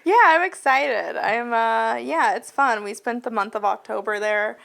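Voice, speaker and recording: A woman's voice: on the high side, unhurried, creaky, fairly bright tone. A woman from Texas, a comedian guest on a podcast, chatting candidly with lots of "like". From Austin, Texas. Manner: candid, frequent laughter, uses 'like'. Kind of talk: casual comedy podcast chat.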